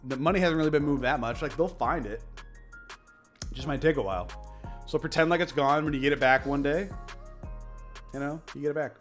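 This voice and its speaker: A man's voice: medium pitch, a bit bright. Profane, emphatic man streaming. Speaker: crypto streamer. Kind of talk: casual livestream chat. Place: home office.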